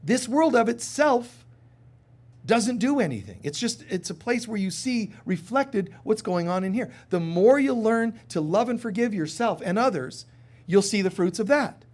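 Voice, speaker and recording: A man giving a live sermon in a casual, humorous way, who acts out little voices and drops to soft, quiet tones on serious points. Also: sits high, expressive, normal speed. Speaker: spiritual teacher.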